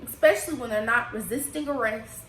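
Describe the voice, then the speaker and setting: A high-voiced woman from the United States talks straight to camera in an impassioned personal vlog. Her casual speech swells and drops with emotion. The echoey room adds a roomy ring to her voice. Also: brisk, a bit bright, a little hiss or hum. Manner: emotional, rising and falling with feeling, Southern-tinged casual speech. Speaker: vlogger. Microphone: desk microphone.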